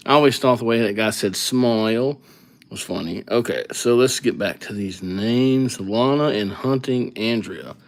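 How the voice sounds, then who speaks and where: A man's voice: lowish voice, moderate pace, few pauses. Easygoing man chatting on a live stream. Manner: rambling, easygoing, thinks aloud while writing. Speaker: livestream calligraphy host. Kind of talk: casual live-stream chat.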